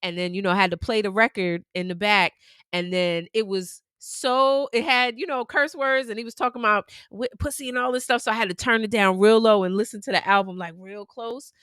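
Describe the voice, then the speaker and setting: Animated, bright-voiced woman podcast co-host. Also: medium pitch, a little fast, clear, resonant tone, no room sound, clean studio sound. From New York. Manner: animated storytelling, laughs often, drawls when reminiscing. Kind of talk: casual chat.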